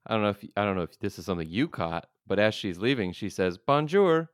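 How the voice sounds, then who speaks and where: A man's voice: low-pitched, fast talker, no echo, studio quality. A man guesting on a podcast, making wry, sarcastic remarks in casual chat. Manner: wry, sarcastic, laughs often.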